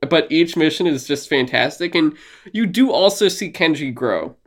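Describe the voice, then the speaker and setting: Animated man chatting about a game. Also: a little high, normal speed. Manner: animated, acts out characters in quoted voices. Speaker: podcast co-host. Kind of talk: casual video game discussion.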